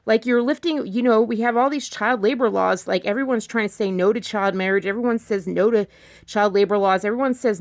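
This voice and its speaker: Insistent woman vlogger, rhetorical questions. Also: fairly quick. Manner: insistent, repeats herself, fires rhetorical questions; pitch jumps up when emphatic. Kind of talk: casual vlog commentary.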